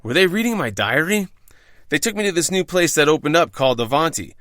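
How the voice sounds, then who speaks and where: A man's voice: on the high side, lively intonation, brisk, fairly bright tone, dry recording, studio quality. A man reading out his own bar stories, wry, profane and self-deprecating. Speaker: podcast host telling his own bartending stories. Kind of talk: scripted first-person storytelling.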